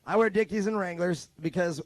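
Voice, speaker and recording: High-voiced joking race track announcer. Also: male voice, a little fast, no room sound. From Modesto, California. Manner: joking, rambling banter. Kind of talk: live race commentary.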